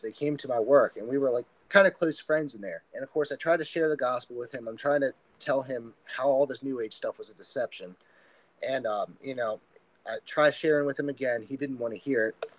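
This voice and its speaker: A man talks as a guest on a podcast, recounting events in a loose, rambling flow full of ums and likes. His voice sits at an ordinary middle pitch. The sound is dry and close to the mic, with no room around it. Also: a little fast, dry recording, low-quality recording. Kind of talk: casual spoken testimony.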